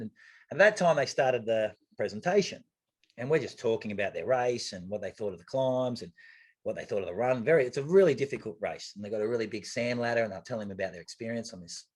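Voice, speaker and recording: An Australian man telling an anecdote in a casual interview, animated and acting out the voices of others, with the odd swear word. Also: mid-range voice. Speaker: guest, retired triathlete.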